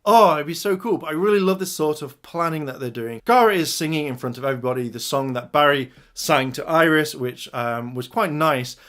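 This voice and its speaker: A man's voice: on the high side, a little fast, hardly any pauses, fairly bright tone. A man giving an enthusiastic casual review of TV episodes, retelling scenes and addressing his viewers. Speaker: video reviewer.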